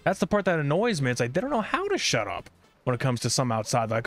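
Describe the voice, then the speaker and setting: Man, game streamer, irritable, profane, rambling, slightly high voice, faint music behind. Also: big pitch swings, brisk, fairly bright tone. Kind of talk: casual gameplay streaming commentary.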